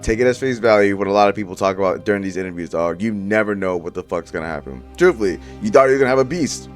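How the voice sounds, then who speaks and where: A man's voice: lowish voice, lively intonation, very fast, soft background music. A young man giving casual, profane commentary straight to his viewers, full of slang. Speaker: YouTuber reviewing movie casting.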